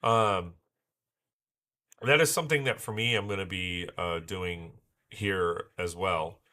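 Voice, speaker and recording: A man talks his way through a casual livestream, his voice hoarse from recent illness. He rambles with fillers and restarts, and his tone stays bright and forceful. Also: low-pitched, slow. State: hoarse, recovering from losing voice. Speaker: livestream host building Lego.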